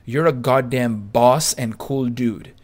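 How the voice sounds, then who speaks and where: A man's voice: mid-range voice, slow, lightly acted. A man voicing a bossy, foul-mouthed male coach barking orders in a nightclub story. The delivery is blunt and commanding, close to the narrator's own voice. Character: brash, profane male pickup coach.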